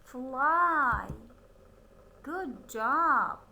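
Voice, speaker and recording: Slow, lively-voiced woman phonics teacher. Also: sits high, rough recording. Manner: slow, drawn-out word modelling with frequent cheerful praise. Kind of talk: phonics lesson for children.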